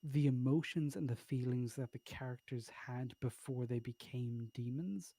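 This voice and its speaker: An Irish man co-hosting a casual podcast, talking bluntly and swearing as he argues his points. His voice is mellow and relaxed. The sound is dry and close. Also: medium pitch, normal speed, no room sound. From Ireland. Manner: blunt, swears freely, argumentative. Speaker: podcast co-host. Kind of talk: casual chat.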